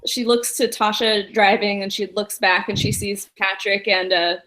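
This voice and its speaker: A woman's voice: mid-range voice, fairly even intonation, normal speed, sharp tone. A woman player casually narrating a character's actions, rambling with many fillers.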